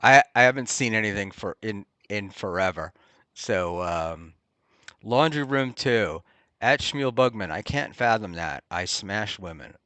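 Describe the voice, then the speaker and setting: A man hosting a casual talk show, rambling and halting with many ums and restarts. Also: fairly low pitch, expressive, bright, forceful tone, clear, resonant tone, no room sound. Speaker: podcast host. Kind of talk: casual chat. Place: Hoboken area, New Jersey.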